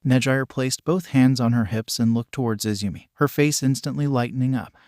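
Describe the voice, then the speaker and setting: A man's voice: medium pitch, fairly even intonation, a little fast, a little mellow, no echo. Man narrating a fan story, dry sound. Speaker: fanfiction narrator.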